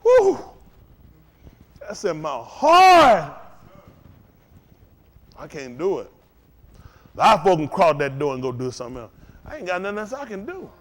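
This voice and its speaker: A male preacher delivering an impassioned sermon in a folksy, repetitive cadence, swinging from shouted peaks to low, intense murmurs as the congregation answers. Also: big pitch swings, fast. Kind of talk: impassioned sermon with call-and-response. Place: house of worship.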